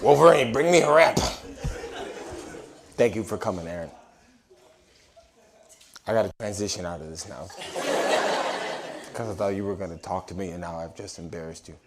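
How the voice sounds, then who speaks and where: A man's voice: low-pitched, fairly even intonation, fairly quick, pauses often. Man, stand-up comic, crowd work, brash, teasing, handheld mic, noisy club recording. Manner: brash, teasing, loud bursts and mock apologies. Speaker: stand-up comedian. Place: comedy club stage. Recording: live club recording, audience laughter.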